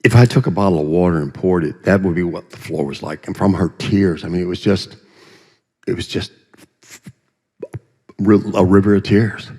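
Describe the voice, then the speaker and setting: A man speaks from the front of a church sanctuary, his fairly low voice trailing into a long hall reverb. He tells his testimony in a folksy, storytelling way, full of humorous asides and vivid pictures. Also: moderate pace, long pauses, a little mellow, breathy edge. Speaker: guest speaker giving a testimony.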